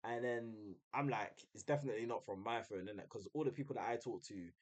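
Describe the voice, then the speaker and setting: A young man, telling a story casually on a live stream, chatty and full of slang. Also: fast talker. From United Kingdom. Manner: chatty, uses slang, mimics others in a high voice.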